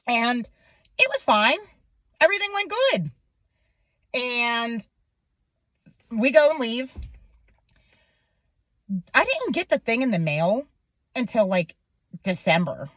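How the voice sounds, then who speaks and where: A woman vlogger telling a story in a casual, animated way, swearing a lot and laughing as she goes. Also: a little high, slow pace, pauses often, dry recording, highs cut off. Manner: animated, heavily profane, laughs through the story. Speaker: vlog host.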